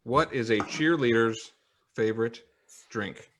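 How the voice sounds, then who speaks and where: A man co-hosting a casual podcast happy hour, reading out viewer comments in a relaxed, halting way with plenty of fillers. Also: mid-range voice, a little hiss or hum. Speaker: podcast co-host. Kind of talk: casual live-stream chat.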